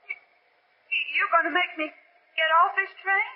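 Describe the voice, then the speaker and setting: A woman's voice: extremely high pitch, steady tone, normal speed. An actress with a Southern US accent playing a genteel, indignant lady traveler, huffy and prim, in 1940s radio acting. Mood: frightened. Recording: muffled old radio recording.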